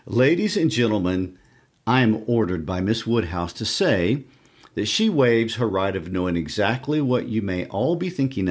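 A smug young gentleman, as a man reads him aloud makes a mock-formal announcement. His voice is low and lively, rising and falling as he declaims.

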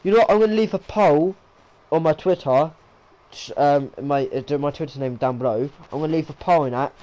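High-voiced excitable man commentating. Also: a little fast, rough recording. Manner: excitable, repeats calls, stumbles over words. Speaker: video game commentator. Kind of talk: excited play-by-play commentary on a wrestling video game.

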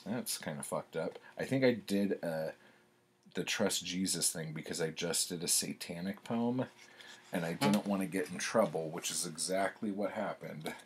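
A man's voice: low voice, moderate pace, slight background noise. A man reading his old childhood poems aloud and commenting on them in a wry, self-mocking way.

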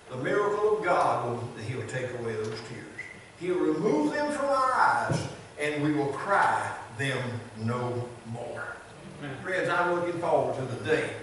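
An older man with a Southern American accent preaches in a fairly high voice, building rhythmic runs of repeated phrases and dropping soft between them. He stands well back from the microphone, and a heavy church echo surrounds every word. Faint room noise sits beneath. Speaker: pastor. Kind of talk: sermon. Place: large church sanctuary. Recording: very echoey church hall from a distance.

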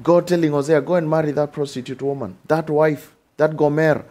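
A man preaching a sermon with animated delivery, repeating lines and asking rhetorical questions. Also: a little high, fairly quick. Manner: acts out short dialogues in changed voices.

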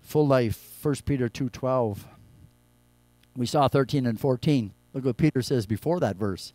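A male pastor preaching a sermon, moving between quiet low scripture reading and loud, raised exhortation. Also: unhurried, dry recording. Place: church.

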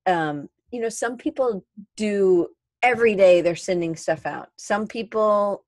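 A woman's voice: medium pitch, unhurried, dry recording. Chatty woman podcast host, dry sound. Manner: chatty, reads listener questions aloud. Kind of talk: casual interview chat.

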